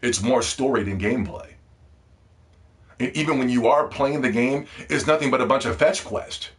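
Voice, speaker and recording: A man's voice: medium pitch, normal speed. A man ranting to the camera about games, heated and profane, repeating words when worked up. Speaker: gaming video host. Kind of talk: ranting video commentary.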